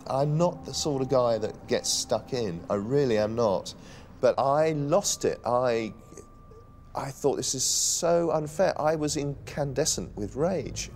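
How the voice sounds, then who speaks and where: A man of medium pitch speaks earnestly, stressing his words. Faint music sits under his documentary testimony. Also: measured pace, a little mellow. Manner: earnest, emphatic. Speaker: witness interviewee.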